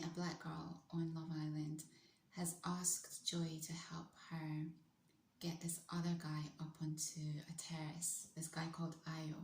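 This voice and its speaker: A woman's voice: on the low side, roomy sound. A woman vlogger chatting casually, with asides and laughs, while reacting to TV clips. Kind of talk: casual chat.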